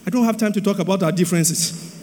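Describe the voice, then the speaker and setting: Male pastor, high-pitched, husky, sing-song shouting sermon, long church-hall reverb. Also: fast talker. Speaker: pastor preaching on marriage.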